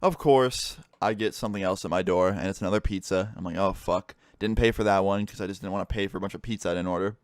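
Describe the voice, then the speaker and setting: A young man, a gaming YouTuber, casually telling a story time vlog, swearing freely and animated as he retells events. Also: deep voice, quick pace, few pauses, dry recording, clean studio sound.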